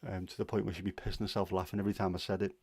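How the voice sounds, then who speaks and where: A man's voice: sits low, level tone, very fast, a little mellow, breathy edge, no echo. A man hosting a casual livestream, chatty and opinionated, rambling with fillers. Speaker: livestream host.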